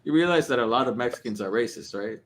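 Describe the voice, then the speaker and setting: A man in casual podcast chat, telling stories in an animated, profane way. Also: medium pitch, quick pace.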